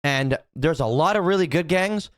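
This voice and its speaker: A man's voice: on the high side, expressive, moderate pace, no room sound, clean studio sound. Rambling profane young man streamer. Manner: rambling, profane, many restarts and repeated "right?". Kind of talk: casual opinion chat to stream chat.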